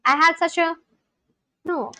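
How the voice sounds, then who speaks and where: Young woman streamer, high voice, unhurried, dry close mic, casual chat with viewers. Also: pushed and bright, no room sound, rough recording. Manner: chatty, thinks aloud, sounds out foreign words slowly. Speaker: language-learning livestreamer.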